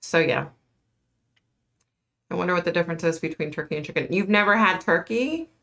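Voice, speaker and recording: Middle-aged woman, livestream host, low voice, chatty, answering viewer comments in a casual way. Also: brisk, gravelly, a bit bright.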